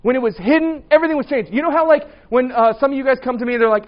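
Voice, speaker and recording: This Bible teacher, a man with a high voice, talks very fast and animatedly with hardly any pauses. His style with the class is loose and conversational, full of quizzing and "right?" check-ins, captured on a dull, lo-fi recording.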